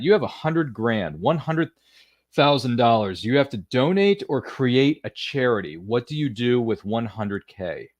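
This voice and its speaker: A man's voice: medium pitch, no room sound, clean studio sound. A man hosting a casual podcast interview, reading sponsor spots in a folksy, upbeat way with rambling asides. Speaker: podcast host.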